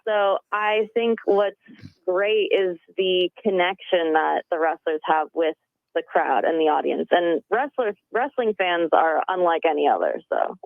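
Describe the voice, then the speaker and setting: A woman's voice: lowish voice, animated, unhurried, vocal fry, no echo. A woman wrestling coach calling in to a radio interview, upbeat and earnest, with many "you know" fillers. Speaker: wrestling coach, phone-in guest. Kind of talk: phone interview. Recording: tinny phone line.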